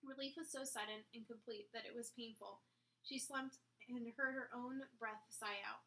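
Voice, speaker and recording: Bright-voiced woman reading a novel aloud. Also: a little high, moderate pace, poor audio. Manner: expressive reading with a few slips and restarts. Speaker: book reader and co-host.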